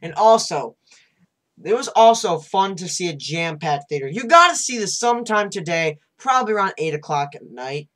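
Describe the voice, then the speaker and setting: A man's voice: high voice, lively intonation, moderate pace, fairly bright tone. A man hosting a casual movie review, talking in a rambling way and restarting his sentences. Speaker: channel host, movie reviewer.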